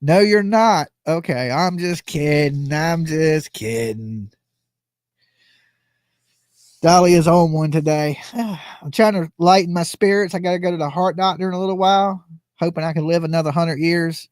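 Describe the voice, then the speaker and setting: Guy rambling and cracking jokes on his stream, high voice, dry close mic. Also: steady tone, a little fast, a little mellow, dry recording. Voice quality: joking, rambling, laughs often. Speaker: livestream host commenting on a trial. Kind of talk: casual livestream chat.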